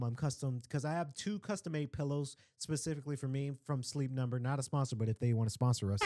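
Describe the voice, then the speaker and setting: A young man with a fairly high voice rambles through a casual story, tossing in asides and shout-outs as he goes. He talks like a relaxed podcast host, and the recording is close and dry. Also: no echo. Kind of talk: casual chat.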